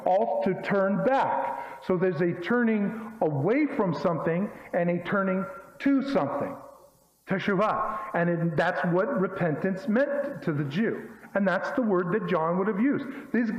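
A man preaching a sermon in an emphatic, folksy way, full of rhetorical questions. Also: high voice. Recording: echoey hall, dull lo-fi sound.

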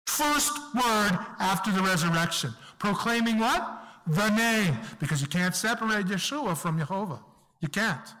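A male preacher with a high-pitched voice delivers an emphatic sermon. He slows down hard on the points he wants to stress, and his voice rings with the long reverb of a big hall. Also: sharp tone.

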